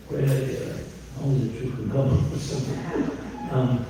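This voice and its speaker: A man's voice: mid-range voice, steady tone, moderate pace, dark tone, slight background noise. A man addressing a synagogue congregation in a conversational way, telling anecdotes with many ums and uhs. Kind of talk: speech to a congregation. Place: synagogue sanctuary. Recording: echoey hall, distant mic.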